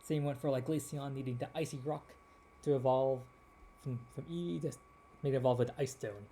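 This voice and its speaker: A man hosting a gaming video, rambling casually with many restarts, his voice a little hoarse. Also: mid-range voice, a little fast, mellow, slight background noise. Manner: rambling, with frequent restarts and fillers. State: slightly hoarse. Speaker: gaming channel host.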